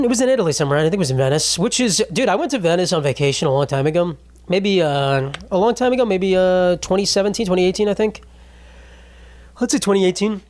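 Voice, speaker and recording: Rambling profane young man, slightly high voice. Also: darkish tone, dry recording. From United States. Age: 20s. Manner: rambling, profane, jokey, trailing off with "bro" and "dude". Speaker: podcast host. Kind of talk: casual solo podcast monologue.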